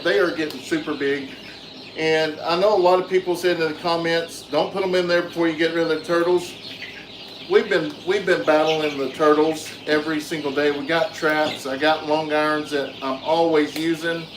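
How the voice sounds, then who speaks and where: A man hosting a casual farm vlog outdoors, chatting with viewers and talking softly to his animals. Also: fairly high pitch, steady tone, moderate pace. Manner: easygoing, soothes animals softly. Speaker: farm channel host. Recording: echoey with loud outdoor noise.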